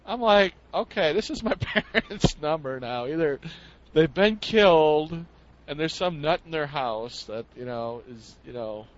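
A man's voice: fairly high pitch, animated, a little slow. A man with a somewhat raised voice tells a rambling story in casual comedic chat. He acts out the noises he heard along the way. The recording is dull and lo-fi. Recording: dull lo-fi sound.

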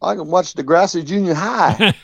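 A man's voice: high-pitched, moderate pace, vocal fry, a bit bright, husky, no room sound. A man co-hosting a podcast, bantering and teasing his partner in casual chat, on a dull lo-fi recording. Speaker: podcast co-host. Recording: dull lo-fi dry mic.

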